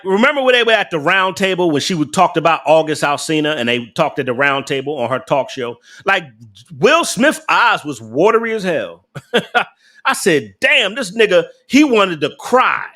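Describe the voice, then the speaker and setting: A man's voice: fairly high pitch, pushed and bright. A young adult man, casually ranting on a live stream, blunt and profane, laughing often and talking back to his chat.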